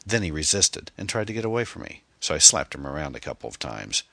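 A man voicing an angry, rough middle-aged man who talks harshly and scornfully. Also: a bass voice, sing-song, fast, bright, forceful tone, dry recording, full character voice.

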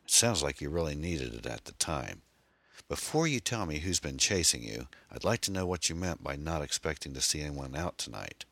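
A calm, kindly man speaking gently and reassuringly, with a very deep voice. A male narrator plays him in an audiobook. The sound is close and dry, with a crisp, bright edge. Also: normal speed, no room sound, full character voice.

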